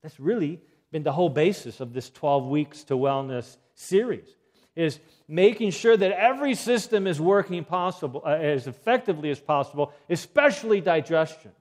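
A man's voice: a little high, lively intonation, normal speed, darkish tone. A man giving an earnest health lecture, emphatic and given to repeating key points.

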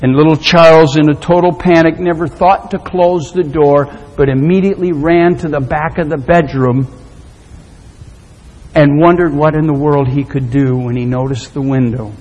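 Brief: male preacher, high-leaning voice, loud-to-hushed storytelling sermon, long hall reverb. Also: steady tone, normal speed, lo-fi sound.

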